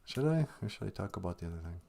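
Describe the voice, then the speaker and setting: A man hosting a live stream, talking casually about grief with gentle, self-deprecating humor while holding back tears. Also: sits low, very animated, rapid-fire, creaky. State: close to tears.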